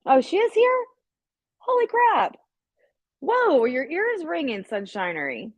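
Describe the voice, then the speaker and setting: A woman's voice: high voice, very animated, a little slow, dry recording. A woman hosting a casual livestream, rambling and swearing as she talks straight to her viewers. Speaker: livestream host. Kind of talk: casual live-stream chat.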